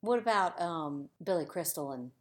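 Brief: woman interviewer, somewhat low-pitched, chatty and eager with her questions. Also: expressive, moderate pace. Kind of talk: casual interview.

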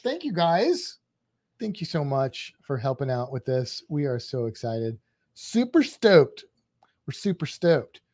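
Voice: mid-range voice, big pitch swings, measured pace, a little mellow. A co-host chatting casually on a charity livestream, rambling a little and reading viewer comments aloud with mild exclamations.

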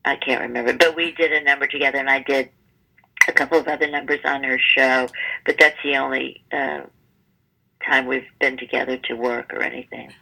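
A woman in her seventies, a stage performer interviewed as a guest, telling stories in a lively conversational way and acting out the people in them. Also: very deep voice, fairly quick, vocal fry, low-quality recording. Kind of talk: conversational storytelling.

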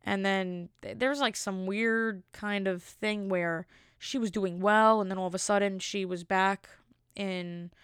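A woman's voice: medium pitch, fairly even intonation, unhurried, fairly bright tone, smooth, no room sound, studio quality. A woman in her thirties talking casually and indignantly, rambling with lots of filler words. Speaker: commentator. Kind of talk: casual opinion talk.

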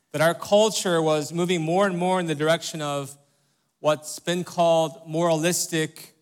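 A pastor preaching a conversational sermon, emphatic and questioning the congregation in church. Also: male voice, fairly high pitch. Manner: emphatic, asks listeners rhetorical questions.

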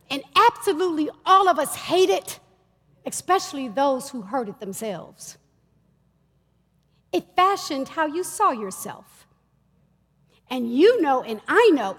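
Animated woman preaching in a reverberant hall. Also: high-pitched. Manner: lively, conversational preaching with audience call-outs. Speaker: minister. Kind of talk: sermon. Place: church stage.

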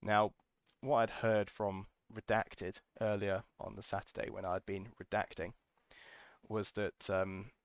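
A man's voice: lowish voice, flat delivery, a little slow, gravelly, clear, resonant tone, no room sound. A man hosting a podcast, telling a casual, enthusiastic story full of ums and restarts. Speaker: podcast host.

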